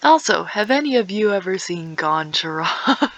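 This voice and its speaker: A teenage girl talks over her gameplay in a slow, drawn-out ramble. Her voice carries a gravelly fry, and she often slips into whispers or sings a few lines. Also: mid-range voice, lively intonation, a bit bright, dull audio. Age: teens. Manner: rambling, self-aware, drifts into whispers and song. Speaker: gaming streamer. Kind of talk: casual gameplay chat.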